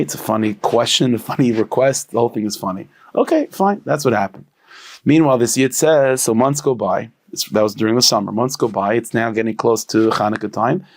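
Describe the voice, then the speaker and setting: A man, a rabbi, telling a story in a casual spoken way, full of fillers and restarts, and jumping into lively voices for the people in it. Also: mid-range voice.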